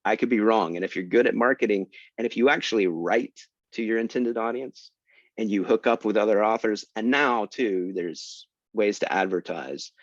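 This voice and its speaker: Male guest author, lower voice, lively self-deprecating storyteller; dry, muffled call sound. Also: moderate pace, dry recording. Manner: animated, self-deprecating, jumps in pitch for emphasis. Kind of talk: casual storytelling talk.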